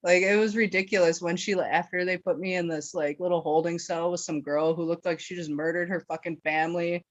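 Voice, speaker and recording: A woman's voice: on the low side, fairly even intonation, fairly quick, hardly any pauses, dry recording. A woman from Wisconsin telling a story as a podcast guest, casual and rambling, swearing and laughing as she goes. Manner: profane, rambling, laughs often, filler-heavy. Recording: dull, dry lo-fi recording.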